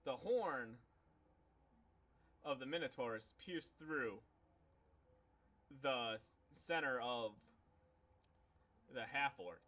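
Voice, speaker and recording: Here a game master narrates a tabletop session in a forceful, bright, mid-range voice. His telling is loose and heavy with fillers.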